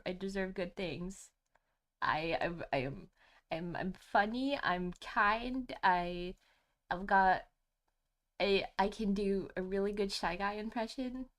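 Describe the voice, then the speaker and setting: A young woman streaming a video game, gushing and excitable, swearing freely as she talks. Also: medium pitch, slow pace. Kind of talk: gaming livestream commentary. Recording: faint game music behind.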